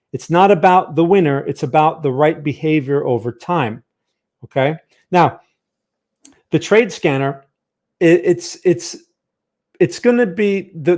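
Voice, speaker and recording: Hosting a live market analysis stream, this trading channel host speaks on the high side with a slightly mellow tone. He sounds chatty and tired, reading viewers' chat aloud and frequently asking "right?" into a close studio microphone.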